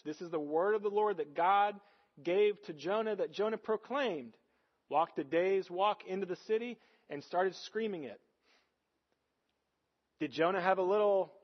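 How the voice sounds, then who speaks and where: High-voiced pastor preaching with rhetorical questions. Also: male voice, highs cut off. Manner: earnest, asks the congregation frequent rhetorical questions. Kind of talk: sermon.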